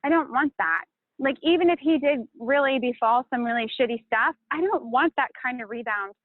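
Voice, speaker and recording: A woman's voice: sits high, moderate pace, no room sound. Tinny, phone-like woman venting. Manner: emotional, profane, rambling. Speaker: channel host. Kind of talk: emotional confessional chat. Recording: tinny phone-like line, dry.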